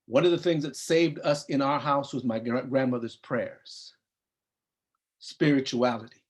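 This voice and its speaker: A man's voice: mid-range voice, steady tone, unhurried. A man in his fifties from California, a psychologist telling an earnest personal story at a briefing and acting out the dialogue. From US (Compton, California). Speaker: psychologist and program founder.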